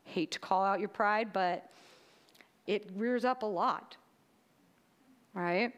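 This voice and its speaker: A woman's voice: mid-range voice, takes it slowly. A woman giving a sermon in a chatty, conversational way, often checking in with "right?". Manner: chatty, tags lines with "right?". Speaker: preacher.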